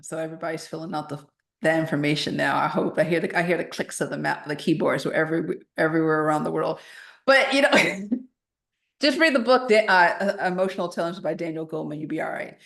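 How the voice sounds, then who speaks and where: A woman's voice: low voice, fast talker, vocal fry, fairly bright tone. A woman who is a coach and a podcast guest, talking frankly and emphatically with slang and restarts. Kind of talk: casual podcast conversation. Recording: echoey room.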